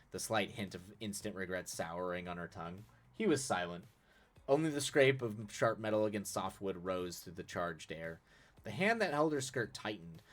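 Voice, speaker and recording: A very deep-voiced male streamer reading a story aloud on a live stream, breaking off for casual, chuckling asides. Faint music plays behind him as he fixes his own slips.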